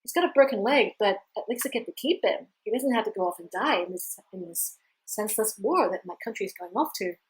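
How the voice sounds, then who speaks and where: A woman's voice: medium pitch, lively intonation, fairly quick, husky, poor audio. A woman voicing an old village man who swings between delight and lament over his fortunes. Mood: relieved.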